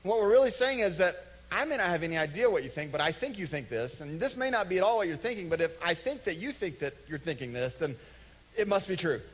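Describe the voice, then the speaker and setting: Conversational pastor preaching from the stage. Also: male voice, high voice, very animated, breathy edge, low-quality recording. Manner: conversational, acts out little quoted dialogues, slows for emphasis. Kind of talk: sermon. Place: church sanctuary.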